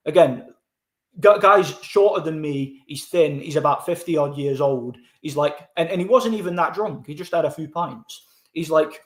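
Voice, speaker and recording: A man's voice: on the high side, fairly quick. Man telling a story, roomy echo. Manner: laughing, rambling, repeats words. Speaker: streamer. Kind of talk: casual storytelling chat. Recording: echoey room.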